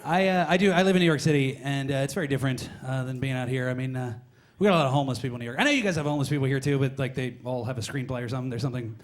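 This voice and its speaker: A young man doing a stand-up comedy set in a comedy club, talking fast and jittery. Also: fairly high pitch.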